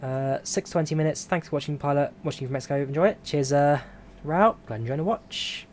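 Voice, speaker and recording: A man streaming a flight simulator, chatting casually and answering viewer questions in a relaxed, rambling way. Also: a little high, fairly quick, a little hiss or hum. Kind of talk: casual live-stream chat.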